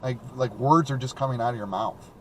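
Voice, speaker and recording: A man's voice: mid-range voice, a little fast, a bit bright. Rambling young man hosting from his car. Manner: rambling, repeats words, many fillers. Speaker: call-in show host. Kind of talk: casual chat. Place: driving around in a car.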